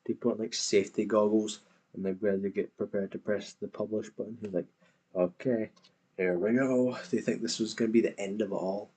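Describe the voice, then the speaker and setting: A man's voice: fairly low pitch, flat delivery, fast, darkish tone, slightly rough, rough recording. A man hosting a reaction video, talking back at a clip with scornful, swearing commentary.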